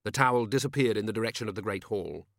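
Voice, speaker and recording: A man narrating an audiobook in a measured, dry storytelling manner. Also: fairly low pitch, vocal fry, a bit bright, no room sound. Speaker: audiobook reader.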